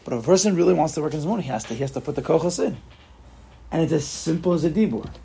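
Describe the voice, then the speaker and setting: Animated man teaching a religious class. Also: fairly high pitch, racing, gravelly, a little hiss or hum. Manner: animated, repeats himself, acts out examples. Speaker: teacher leading a Torah study group. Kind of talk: informal religious class talk.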